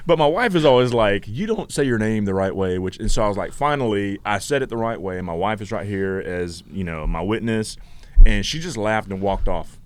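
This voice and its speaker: A man's voice: on the low side, animated, brisk. A man in his forties with a Southern accent, co-hosting a podcast in a casual, joking, self-deprecating way. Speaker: podcast co-host. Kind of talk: casual chat.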